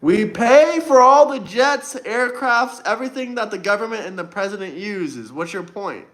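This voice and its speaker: A man's voice: high voice, animated, normal speed, a bit bright. A man hosting a political livestream, talking combatively and boastfully, often repeating a phrase for emphasis. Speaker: livestream host. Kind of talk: political livestream debate talk.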